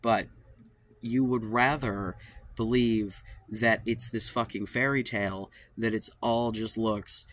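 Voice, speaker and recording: Fed-up man ranting, low dry voice. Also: steady tone, slow, fairly bright tone, no echo. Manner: exasperated, profane, ranting with sighs and trailing off. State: fed up and worn out. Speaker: channel host giving dating advice. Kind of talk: frustrated monologue to camera.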